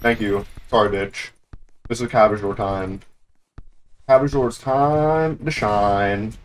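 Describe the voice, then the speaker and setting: A man giving live gameplay commentary, excitable and trash-talking, who swears a lot, rants about the game and breaks into sudden high yelps. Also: slow. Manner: grumbling, ranting complaints. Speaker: gaming YouTuber.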